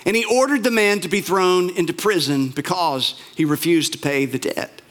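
A male pastor retelling a parable in a sermon, emphatic and repetitive, slowing down on key words. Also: sits high, a bit bright. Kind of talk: sermon storytelling.

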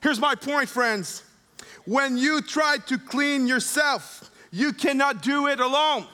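Preacher guy, really high bright voice, slow and emphatic. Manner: emphatic, slow preaching with dramatic retold scenes. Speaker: pastor. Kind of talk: sermon.

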